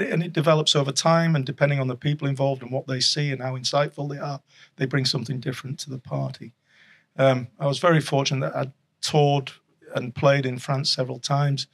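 Gravelly guy, bit husky, rambling chatty guest. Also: mid-range voice. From Yorkshire, England. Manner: rambling, chuckling storyteller with many restarts. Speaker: guest, former rugby league coach and official. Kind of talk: casual podcast chat.

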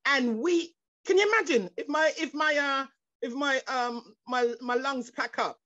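A woman's voice: high-pitched, measured pace, a bit bright, dry recording. A woman preacher delivering a fervent sermon over a video call, repeating herself, restarting phrases and breaking into exclamations of praise. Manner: fervent, repetitive, stumbling restarts, rising into exclamations. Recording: dull lo-fi video call audio.

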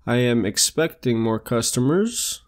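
A man's voice: mid-range voice, animated, a little slow. A young man hosting a let's play, chatting casually and narrating each move he makes in the game. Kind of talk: casual gameplay commentary.

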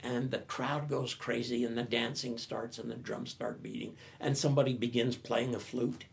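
An older man, a professor, telling an animated story in a talk. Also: mid-range voice, moderate pace, creaky. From United States.

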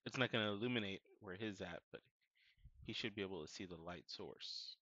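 A man playing a tabletop game, working out his turn aloud with pauses and fillers. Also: low voice, sharp tone. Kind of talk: casual game chat. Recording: dull lo-fi mic.

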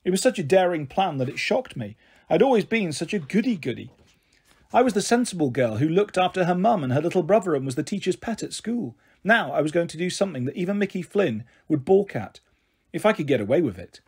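A man reads a children's novel aloud in a husky, slightly raspy voice pitched a little high. He is expressive and changes his voice for each figure in the story. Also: fairly quick. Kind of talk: audiobook reading of a children's novel.

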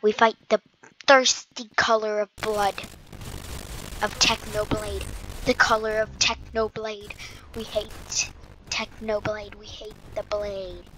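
A woman giving casual gameplay commentary, playful and self-mocking, with bursts of excited exclamations. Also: mid-range voice, takes it slowly, a little hiss or hum, poor audio. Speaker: gamer commentator.

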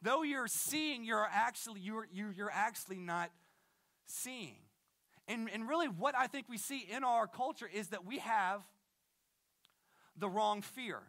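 A man in his thirties preaching a sermon, casual and energetic, with slang and frequent restarts. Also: sits high, unhurried. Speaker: pastor.

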